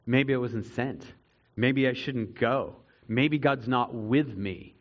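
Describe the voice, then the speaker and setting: A man preaching a sermon to a congregation, earnest, swinging between loud emphatic stretches and quiet reflective ones. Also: mid-range voice, slow, lo-fi sound. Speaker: pastor.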